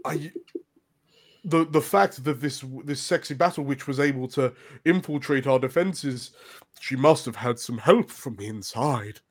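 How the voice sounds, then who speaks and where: A man voicing a solemn male palace chef in a tabletop game, speaking in a halting, formal way. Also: medium pitch. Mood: grave.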